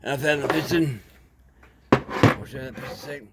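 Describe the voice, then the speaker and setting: A man's voice: fairly high pitch, steady tone, heavy background noise. Rambling Australian man in a workshop. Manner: rambling, plain-spoken, halting with fillers. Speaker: small engine repairer. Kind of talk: casual workshop video.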